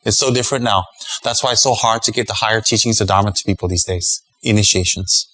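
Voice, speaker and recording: A man's voice: medium pitch, brisk, rough recording. A middle-aged man giving a Dharma talk as a Buddhist teacher, emphatic and rhetorical, chuckling at his own jokes.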